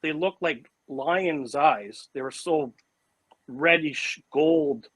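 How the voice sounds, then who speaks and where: A man being interviewed, telling a personal story in a casual, animated way, full of "like" and "you know". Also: fairly high pitch, takes it slowly, no room sound, rough recording. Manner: animated and vivid, with frequent "like" and "you know" fillers and restarts. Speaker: interview guest recounting an encounter.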